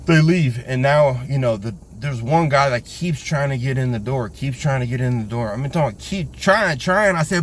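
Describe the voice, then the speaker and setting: A man tells a personal story in a loose, slangy way, full of energy, and drops into the voices of the people he is quoting. His voice sits at an ordinary pitch for a man. A faint hiss of background noise runs under him. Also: normal speed, hardly any pauses. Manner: animated, acts out quoted voices, slangy. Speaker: vlogger telling a personal story. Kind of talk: casual storytelling.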